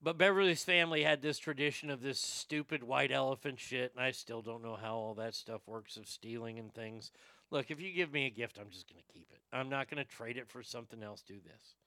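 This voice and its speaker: A man telling profane, rambling personal stories to a live chat, animated and quick to joke. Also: medium pitch, no room sound, clean studio sound. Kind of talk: storytelling stream chat.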